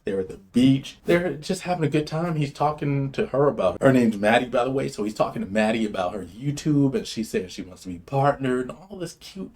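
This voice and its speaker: A man hosting a commentary show, talking in a brash, swaggering and profane way, jumping from loud bursts to muttered asides. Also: medium pitch, animated, brisk, hardly any pauses. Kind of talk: opinionated commentary monologue.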